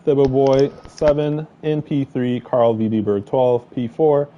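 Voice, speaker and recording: A man co-commentating an online sim race, mostly giving short replies and reading out the grid order in a steady run. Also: medium pitch, unhurried, muffled recording, a little hiss or hum. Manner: brief acknowledgements, reads grid results in a steady list.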